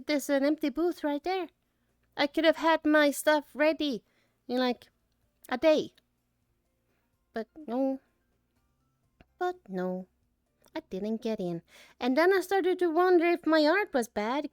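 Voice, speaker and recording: Choked-up woman with a high voice. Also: no room sound, clean studio sound. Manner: halting, with many restarts and trailing phrases. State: choked up, holding back tears. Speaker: artist reflecting on a convention. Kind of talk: emotional personal reflection.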